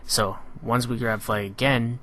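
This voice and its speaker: A man giving a relaxed, analytical voice-over on his own competitive match, filling pauses with "you know". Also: mid-range voice, a little hiss or hum. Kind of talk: gameplay commentary voice-over.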